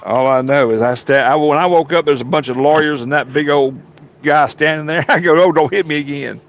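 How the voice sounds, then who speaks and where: A man's voice: on the high side, fairly quick. A man telling rowdy stories in a folksy drawl, peppered with cursing. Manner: folksy drawl, colorful profanity. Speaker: storyteller on a talk show. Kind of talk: casual storytelling. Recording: dull lo-fi sound, faint room noise.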